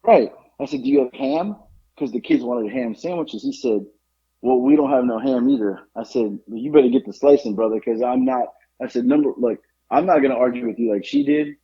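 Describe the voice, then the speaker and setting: Male podcast co-host, lively storyteller, mellow tone, slightly muffled recording. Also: medium pitch, brisk, husky. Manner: animated, acts out the people in his story. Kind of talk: casual storytelling.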